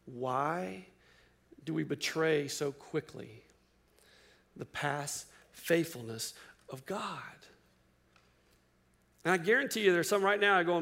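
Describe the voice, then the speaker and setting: A man preaching a sermon, firing rhetorical questions at his listeners and swinging between loud emphasis and hushed lines. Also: a little high, lively intonation, slow, creaky, pauses often. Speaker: pastor.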